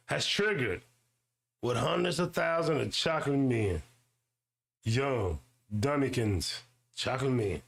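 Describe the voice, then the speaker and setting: A man hosting his own show, ranting and swearing in slang, repeating himself and mocking others in high-pitched voices. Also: creaky. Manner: loud swearing rant with slang and repetition. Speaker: YouTube show host. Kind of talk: ranting commentary monologue.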